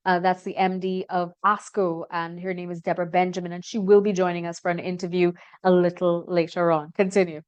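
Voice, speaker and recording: Smooth-voiced woman host. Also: fairly low pitch, flat delivery, muffled recording. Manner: measured, encouraging interviewer. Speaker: interview host. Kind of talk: broadcast interview.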